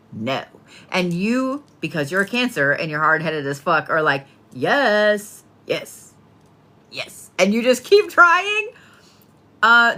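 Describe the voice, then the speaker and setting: Chatty and profane, a woman reads horoscopes in a casual, playful and blunt way as a tarot and astrology reader. Her voice is medium-pitched, pushed and bright.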